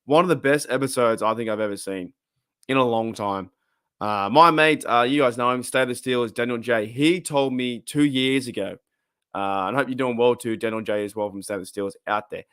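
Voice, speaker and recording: Australian male stream host, rambling chatty delivery, mid pitch, dry close-miked sound. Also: a little fast, smooth, no echo. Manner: rambling, chatty, laughs often, lively swings in pitch. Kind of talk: casual live stream chat.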